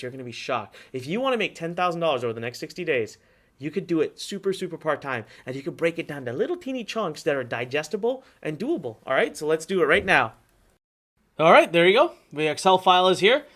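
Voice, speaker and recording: A man in his thirties, talking to his audience in a loose, chatty workshop manner. He checks in with them often as he tells a story and walks through his numbers. His voice sits somewhat high for a man. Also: fairly bright tone. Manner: chatty storyteller, lots of "okay?" and "you know". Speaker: online marketing instructor. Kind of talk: live workshop teaching.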